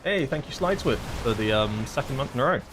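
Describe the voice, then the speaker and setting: A man's voice: mid-range voice, animated, quick pace, over music. A man streaming a game and explaining mechanics in a casual, rambling way with lots of fillers. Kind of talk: casual gameplay commentary.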